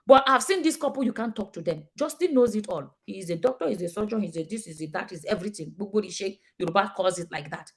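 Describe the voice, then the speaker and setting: A woman's voice: medium pitch, lively intonation, fast talker, few pauses. A woman with a Nigerian accent giving casual, emphatic commentary to her viewers, acting out the people she quotes. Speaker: vlogger.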